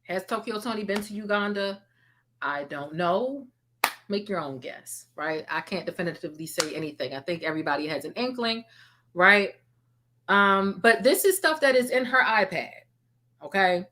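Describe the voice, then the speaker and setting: A woman's voice: medium pitch, expressive, normal speed, noisy background. A woman hosting a gossip commentary show, talking in a sassy, playful, drawling way. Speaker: commentary host.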